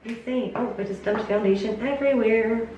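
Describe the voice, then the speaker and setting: A chatty young woman vlogger with a slightly high voice talks her viewers through a makeup review. She sits a little away from the camera mic in an echoey room, with a faint hiss behind her. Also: normal speed, mellow, distant mic. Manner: chatty, enthusiastic, addresses viewers as "you guys". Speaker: beauty vlogger.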